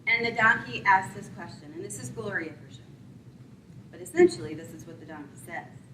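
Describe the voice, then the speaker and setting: A woman preaching a sermon, retelling a Bible story and acting out the characters in quick voices. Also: fairly high pitch, sing-song, vocal fry, bright, forceful tone, recorded from a distance, slight background noise. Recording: roomy sound from away from the mic.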